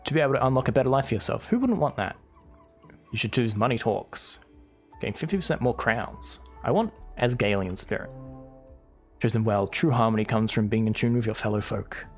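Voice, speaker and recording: Brief: male streamer, mid-pitched voice, reads on-screen game text with wry remarks, soft game music underneath. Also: brisk. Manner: wry, reads dialogue aloud with asides. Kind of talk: live gameplay commentary, reading game text aloud.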